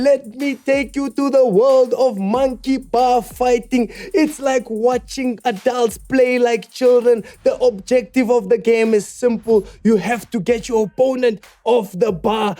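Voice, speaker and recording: A man's voice: very high voice, warm tone. A man playing a cocky male sports news reporter in a spoof bulletin, with a punchy mock-broadcaster delivery. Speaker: comedy podcast host.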